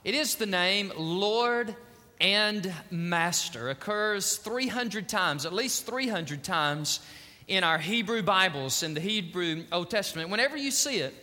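Fervent high-voiced male preacher. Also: sharp tone, long reverb tail. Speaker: pastor. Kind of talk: sermon.

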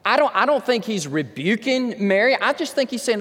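High-voiced preacher in a reverberant hall. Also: male voice, very animated, moderate pace, hardly any pauses, fairly bright tone. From Texas. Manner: conversational preaching, rising to impassioned pleading. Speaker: pastor. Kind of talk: sermon.

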